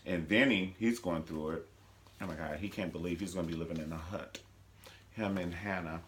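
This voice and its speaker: A man's voice: deep voice, brisk, very noisy. A man from Cleveland, Ohio, recapping a TV drama in a casual, gossipy vlog with dramatic asides. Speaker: TV show reviewer.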